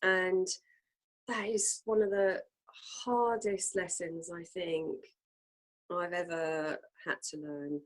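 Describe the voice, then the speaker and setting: A woman co-hosting a casual reflective chat, talking earnestly with many fillers and pauses. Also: on the low side, fairly even intonation, poor audio. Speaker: co-host.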